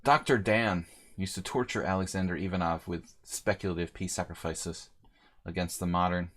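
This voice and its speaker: A middle-aged man with a low, deep voice, live-streaming a game and talking through his moves as he goes. His delivery is chatty and wry, and he breaks off to banter with his viewers in a relaxed, joking way. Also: moderate pace. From United States. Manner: chatty and joking, answering chat mid-game. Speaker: chess streamer. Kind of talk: live-streamed game commentary, thinking aloud.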